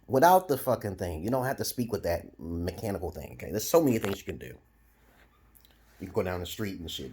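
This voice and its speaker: A man from Brooklyn delivering a comedic rambling monologue, profane and giggly, jumping into loud high squeals. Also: slightly rough. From Brooklyn, New York, USA. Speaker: vlogger.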